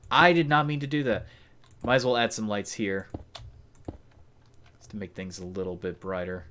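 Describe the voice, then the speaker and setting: Streamer guy, lowish voice, rambly self-talk, keyboard clicking faintly behind. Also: fairly even intonation, normal speed, a bit bright, a little hiss or hum. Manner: rambling, talks to himself, chuckles often. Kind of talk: casual live-stream commentary while building in a game.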